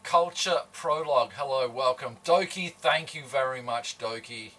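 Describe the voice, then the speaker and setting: A man from Adelaide with a slight Australian accent, chatting casually with his livestream viewers while he cooks. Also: mid-range voice. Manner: slow, relaxed, chatty, greeting viewers. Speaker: livestream host. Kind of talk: casual chat while cooking. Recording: voice somewhat far from the mic.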